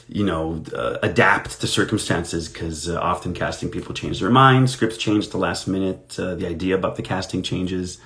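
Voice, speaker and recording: Low-voiced man chatting while signing. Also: fairly bright tone. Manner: chatty anecdotal storytelling, self-deprecating. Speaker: actor signing autographs on a live stream. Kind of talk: casual chat while signing.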